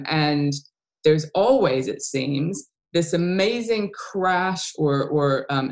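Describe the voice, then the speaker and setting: A man hosting an interview, speaking reflectively in casual chat with some fillers. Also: fairly high pitch. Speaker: host.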